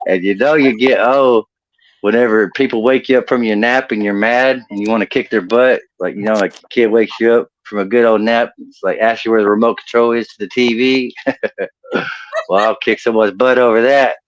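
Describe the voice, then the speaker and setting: A man with a drawl spins loose, rambling stand-up stories and chuckles at his own jokes. His voice sits a bit low. The sound is muffled and dry, like a home video call mic. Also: moderate pace, no room sound. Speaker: stand-up comedian. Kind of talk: storytelling stand-up set. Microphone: home computer mic on video call.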